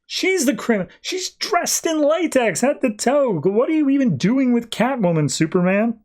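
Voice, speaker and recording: Man doing a high, scolding woman reporter. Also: lively intonation, brisk, darkish tone, lightly acted. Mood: incredulous. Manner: incredulous, scolding. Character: sharp, skeptical adult woman reporter.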